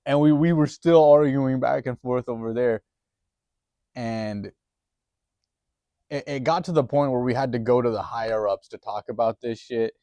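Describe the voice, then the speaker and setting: A man's voice: mid-range voice, normal speed, pauses often, warm tone, dry recording. A man telling a story in a rambling, profane, casual way, full of restarts and chuckles.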